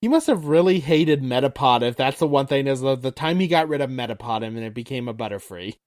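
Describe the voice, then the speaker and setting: A man with a mid-range voice chats as a podcast co-host, commenting in a relaxed, thoughtful way. He sounds like he is simply talking things over with a friend. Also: mid-range voice, a little fast. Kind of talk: casual podcast chat.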